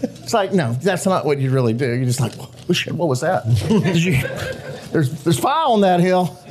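High-voiced man spinning lively stories. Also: moderate pace, faint music behind. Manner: animated, laughing, acts out quotes. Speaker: actor guest telling set stories. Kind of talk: live storytelling to an audience. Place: live show venue with audience.

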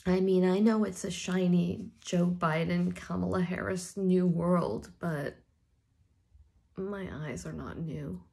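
A woman vlogger speaking through tears in a personal video diary, her low, gravelly voice slow and halting. She often sinks to a whisper, and her tone stays dark and subdued. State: crying.

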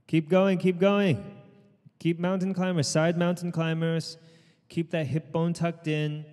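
A man leading an outdoor group workout as trainer, calling out counts and urging people on, with quick asides in Cantonese. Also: a little high, little pitch movement, long reverb tail. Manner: shouted counting and encouragement, switching into Cantonese asides. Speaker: fitness trainer. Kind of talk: live workout coaching. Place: outdoors in the sun.

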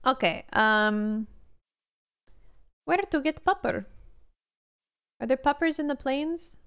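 A young woman chats her way through a game stream, her voice sitting a little high for a woman. She keeps a loose, playful patter going, reacting to chat and muttering to herself between moves. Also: expressive, slow pace, fairly bright tone, clear, resonant tone. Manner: chatty, playful, talks to chat while playing. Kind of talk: casual gameplay commentary.

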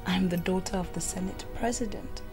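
A woman's voice: on the low side, brisk, over music, lightly acted. A young woman playing a confident daughter of privilege who teases a young man. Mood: teasing. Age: young adult. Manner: confident, teasing. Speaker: Senate President's daughter. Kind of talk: Nollywood film acting.

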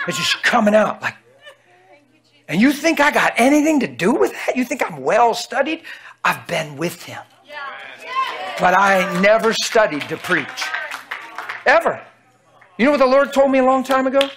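A man preaching an unscripted sermon in an excitable, colloquial way, bursting with passion, on a clip-on microphone in a church hall. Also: sits high, moderate pace, long pauses.

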